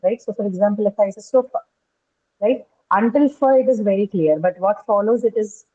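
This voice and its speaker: A woman teaches an English pronunciation class, frequently tagging statements with "right?" and quizzing her students. Her mid-range voice is warm and a little fast. The recording is dull and lo-fi.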